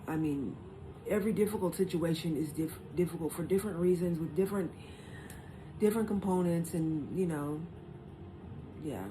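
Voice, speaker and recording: A woman's voice: on the low side, normal speed, long pauses, noisy background. A woman hosting a casual live stream, chatty and reassuring toward her guests. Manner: reassuring, chatty, reads stats aloud.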